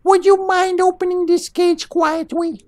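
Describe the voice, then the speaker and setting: A man voicing a tiny, cheerful male mystery creature in a game, squeaky, slow and wide-eyed. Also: flat delivery, a little mellow, no room sound. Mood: dreamy. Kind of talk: reading game dialogue in voices.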